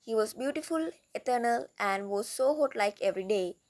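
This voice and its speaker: A woman's voice: a little high, animated, normal speed, lightly acted. A woman voicing a cool, guarded young man in a spoken story, in her own voice. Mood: musing. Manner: cold, matter-of-fact.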